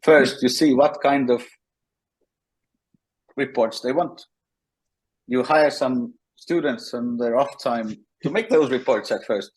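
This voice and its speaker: A man, a guest in a casual interview, telling animated stories with frequent restarts. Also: mid-range voice, takes it slowly, long pauses, breathy edge, poor audio.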